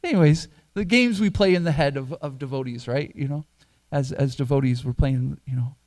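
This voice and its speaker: A man's voice: mid-range voice, normal speed, a little mellow. A middle-aged man, a temple priest, telling a self-deprecating personal story as part of a sermon in a temple hall, chatty and chuckling at himself. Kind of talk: sermon told through a personal anecdote.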